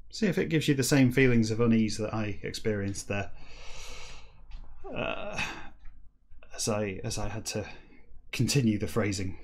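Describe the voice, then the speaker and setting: A man with a British accent hosting a comedic podcast, musing in a wry, rambling, deadpan way and reading text aloud in a slow, halting drawl. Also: mid-range voice. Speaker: podcast host reading a novel backwards.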